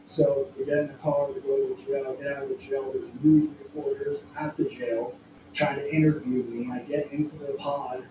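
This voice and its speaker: A man's voice: mid-range voice, flat delivery, normal speed, muffled recording. A man telling a story from his past in casual conversation, rambling and frank, restarting often and swearing freely. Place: home studio room. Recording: very echoey room, far from the mic, noisy background.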